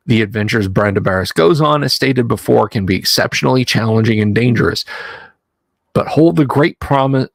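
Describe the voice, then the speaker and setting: A man's voice: mid-range voice, gravelly, no room sound. A man hosting a live stream, reading a game rulebook aloud and breaking off for wry, joking asides to his chat. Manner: wry, digressive, answers chat with jokes. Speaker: livestream host.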